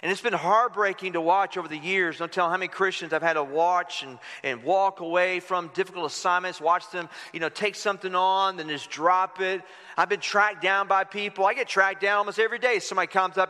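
A man preaching a sermon as pastor, animated, acting out quotes with shifting voice. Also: high voice, brisk. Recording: long hall reverb.

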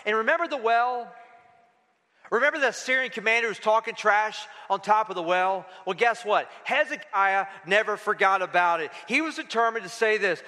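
A man's voice: sits high, moderate pace, bright, forceful tone. A man preaching a sermon to a congregation, emphatic and full of rhetorical questions. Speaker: pastor. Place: church sanctuary. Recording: church hall reverb.

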